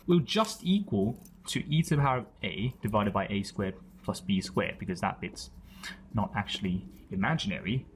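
Man, maths tutor, animated pitch, methodical explanation, faint background hiss. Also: moderate pace. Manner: explains step by step, often pointing at terms. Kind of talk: explaining maths while writing.

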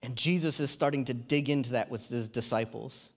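A man's voice: mid-range voice, brisk. A man in his thirties or forties preaching a sermon in church, talking in a conversational way with humorous asides. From New Zealand.

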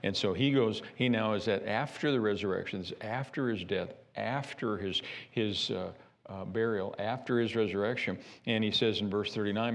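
A man preaching a sermon as pastor of a church, animated and repeating himself as he builds each point. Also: on the low side, moderate pace. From United States. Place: church sanctuary.

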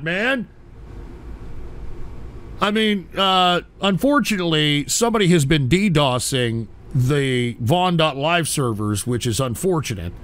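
A man hosting a crude comedic call-in show, ranting loudly and profanely with exasperation. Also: fairly high pitch.

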